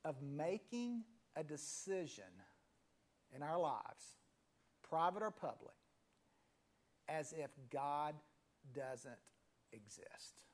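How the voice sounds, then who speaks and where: A pastor in his fifties delivers a sermon in an easy, conversational voice. He tells a story, then pauses and lets the ends of key phrases fall to a soft near-whisper. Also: on the high side. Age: 50s.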